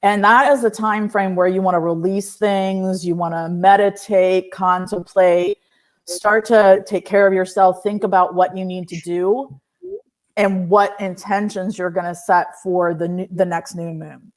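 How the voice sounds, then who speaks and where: A woman's voice: on the low side, steady tone, unhurried, a little mellow. A woman hosting a live stream, reading oracle cards and chatting with viewers by name, laughing often. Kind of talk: casual live-stream chat.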